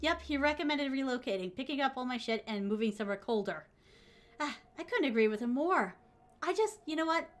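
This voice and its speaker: A woman's voice: high voice, animated, a little fast. A woman streamer in a bubbly, gushing casual chat who reads out viewer messages and adds Japanese honorifics to names. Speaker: VTuber streamer.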